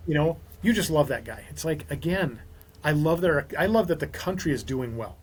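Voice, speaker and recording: A man, a small business owner from Minnesota, talking as a podcast guest and telling lively stories with quoted dialogue. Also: fairly high pitch, a little fast, breathy edge. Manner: animated storyteller, quotes others in dialogue. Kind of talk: casual podcast conversation.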